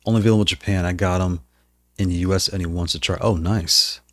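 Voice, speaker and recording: A man chatting casually with his live-stream viewers while playing, thinking aloud with many restarts, his voice slightly hoarse. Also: sits low, fairly even intonation, fast, no room sound, clean studio sound.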